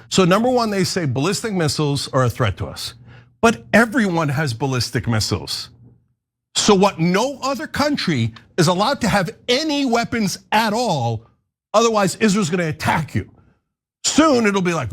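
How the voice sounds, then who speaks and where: A man's voice: sits high, sing-song, moderate pace. A man from the United States hosting a show, delivering a heated, blunt and profane political rant. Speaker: host.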